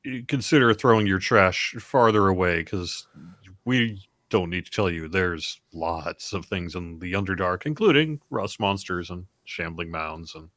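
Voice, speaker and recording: Man player, lowish voice, wry take-charge table talk. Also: measured pace, a bit bright, no echo. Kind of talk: casual tabletop game chat.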